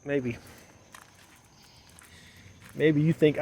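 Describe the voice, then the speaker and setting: Against a noisy background, a man with a fairly high voice talks at normal speed. He plays a mother for the camera, setting up solar gear outdoors at dusk and rambling to himself. Phrases get repeated as his muttering rises into agitated outbursts.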